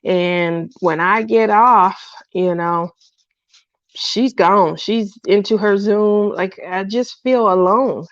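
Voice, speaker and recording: A middle-aged woman chats slowly on her craft livestream, low and lonely, rambling between thoughts and greeting viewers by name. Her voice sits at a medium pitch. It comes through a dry, slightly muffled home mic. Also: no room sound. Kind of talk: casual livestream chat.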